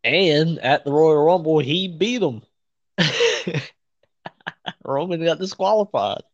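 Male co-host, excitable, laughs a lot, street slang, mid-pitched, dead-dry muffled recording. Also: takes it slowly, no room sound. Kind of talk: casual wrestling chat.

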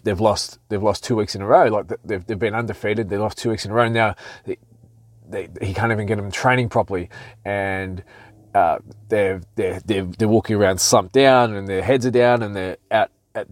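Candid, low-voiced man talking. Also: no room sound. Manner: candid, swearing, many restarts. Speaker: podcast host. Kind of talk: casual solo podcast talk.

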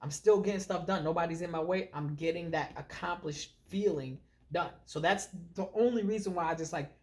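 A man's voice: a little high, fairly quick. A man co-hosting a podcast, telling stories animatedly in casual chat with many fillers. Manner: animated, storytelling, filler-heavy. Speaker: podcast co-host.

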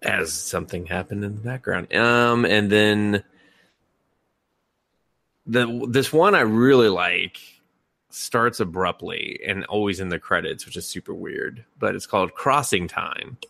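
A man's voice: fairly low pitch, a little slow, creaky, fairly bright tone, dry recording. A man casually retelling scenes as a podcast co-host, rambling with lots of fillers and laughs. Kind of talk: casual chat.

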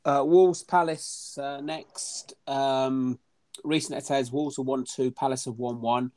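A man working steadily through football handicap figures, one number after another. He fills pauses with hesitant sounds and speaks at an average pitch. He comes across as measured and analytical. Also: fairly even intonation, darkish tone. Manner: methodical, list-like, hesitant fillers. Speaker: betting statistics analyst. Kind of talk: reading out match statistics.

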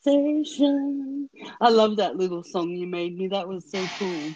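A woman's voice: medium pitch, a little slow, a little mellow, slight background noise. Friendly woman host on a lo-fi call. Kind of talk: casual chat over a call. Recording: lo-fi call audio.

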